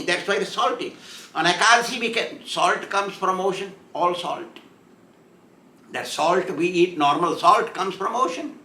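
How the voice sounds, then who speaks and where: Male spiritual teacher giving a storytelling sermon, chuckling as he goes: high voice, slow delivery, echoey room. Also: bright, forceful tone.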